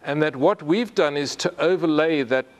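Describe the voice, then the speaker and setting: A middle-aged man from Africa, giving a conversational lecture full of halting restarts. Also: a little high. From South Africa. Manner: halting, frequent restarts and repeated words. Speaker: university presenter.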